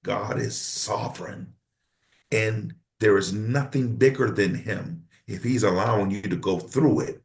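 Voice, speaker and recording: A middle-aged pastor talking like he's preaching, his low voice gravelly with fry. He leans into his phrases with emphatic, sermon-like rhythm while counseling across the table. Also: unhurried. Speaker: pastor, podcast guest. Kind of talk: preaching in conversation.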